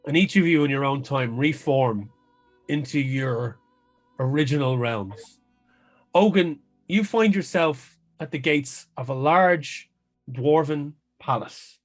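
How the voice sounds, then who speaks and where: A man's voice: a little high, lively intonation, takes it slowly, faint music behind. Man narrating as game master. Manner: descriptive storytelling with restarts.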